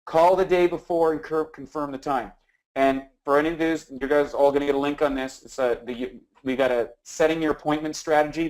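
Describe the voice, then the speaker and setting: A man giving an energetic sales training talk, acting out phone dialogue with frequent restarts. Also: fairly high pitch, rough recording. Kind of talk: instructional talk.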